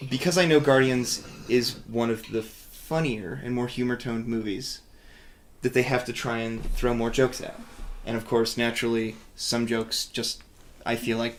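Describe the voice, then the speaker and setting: A man's voice: mid-range voice, a little hiss or hum. A man on a casual movie review panel, wry and a little hesitant with restarts. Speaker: podcast panelist. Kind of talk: casual film review chat.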